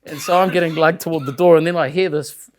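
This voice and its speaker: A man's voice: a little high, fairly even intonation, fast, a little hiss or hum. A man with a New Zealand accent telling a rambling, laughing anecdote in casual podcast chat, swearing casually as he goes. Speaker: show regular telling a story.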